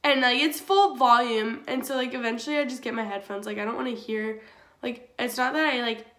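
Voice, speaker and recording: A woman's voice: fairly high pitch, steady tone, fairly quick, a bit bright. A young woman telling a storytime vlog in a chatty way, filling her talk with "like". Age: young adult. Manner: chatty, filler-heavy with frequent "like". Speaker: YouTuber. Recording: roomy echo.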